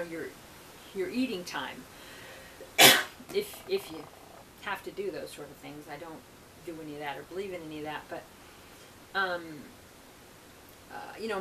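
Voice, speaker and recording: A woman's voice: mid-range voice, sharp tone, a little hiss or hum, rough recording. A woman, a reverend, talking in a loose, rambling monologue full of ums and restarts. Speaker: reverend vlogger.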